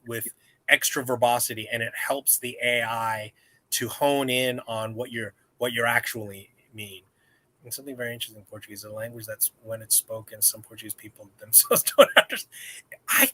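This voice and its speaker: A man's voice: medium pitch, bright, forceful tone, no room sound. A man hosting a casual live-stream chat, rambling and joking with viewers. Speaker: host.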